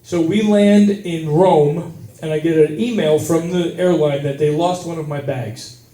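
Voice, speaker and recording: Comedian guy doing standup at a brewery, high voice but dark and mellow, lots of cussing, echoey far-off sound. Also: unhurried. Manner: profane, animated, yells at the peaks. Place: brewery stage. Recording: roomy venue sound from a distance.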